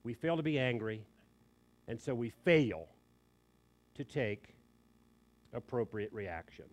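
A man preaching a sermon, emphatic and animated, dropping in quick joking asides. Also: medium pitch.

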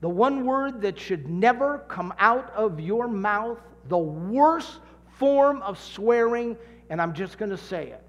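A man preaching a sermon, telling stories with dramatic shouts and drawn-out emphasis. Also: sits high, expressive, in a large hall. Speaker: pastor.

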